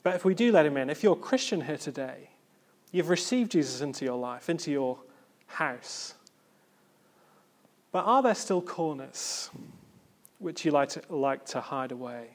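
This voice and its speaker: A man preaching a sermon in an earnest, reflective way, with pauses and gentle emphasis. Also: fairly high pitch, lively intonation.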